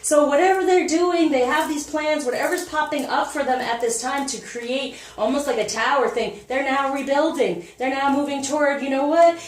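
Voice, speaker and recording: A woman's voice: sits high, moderate pace, hardly any pauses. A woman giving a casual spoken tarot reading as a spiritual coach, upbeat and encouraging. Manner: upbeat, encouraging, animated with laughs and quoted asides. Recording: echoey room, voice a bit far from the mic, faint noise.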